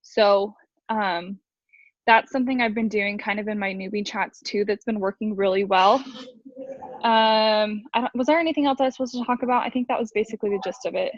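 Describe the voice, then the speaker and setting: A woman team leader talking fast and rambling with lots of fillers, sharing sales tips on a video call. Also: mid-range voice, fairly even intonation, no room sound. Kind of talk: casual video call talk. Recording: dull video call audio.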